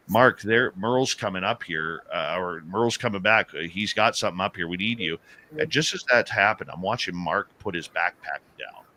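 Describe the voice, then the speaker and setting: Deep-voiced man telling an animated story. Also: slight background noise. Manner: animated storyteller who acts out quoted dialogue. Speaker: guest, paranormal radio host. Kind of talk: casual storytelling in an interview.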